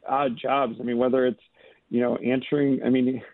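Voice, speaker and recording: A man who is a chef and restaurant co-owner joins a radio show by phone, talking haltingly with lots of fillers and false starts. His medium-pitched voice keeps a level tone in a dry recording.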